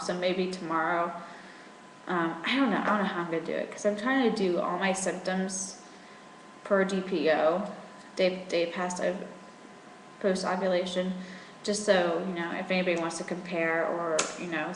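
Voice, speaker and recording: A woman's voice: fairly low pitch, roomy sound, big-room sound, a little hiss or hum, poor audio. A young woman from rural in her twenties, chatting casually in a rambling vlog at home with lots of fillers. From rural Virginia. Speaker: vlogger.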